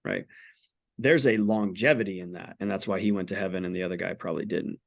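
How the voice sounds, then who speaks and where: A man's voice: sits low, fairly even intonation, fast, creaky. A man in his forties, a podcast guest, talking candidly about faith in an earnest, blunt way with casual swearing. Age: 40s.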